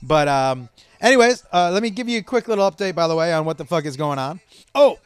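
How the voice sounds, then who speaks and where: Profane, rambling comedian host. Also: male voice, a little high, animated, fast, smooth, dry recording. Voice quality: profane, rambling, laughing asides. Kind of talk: casual solo podcast chat.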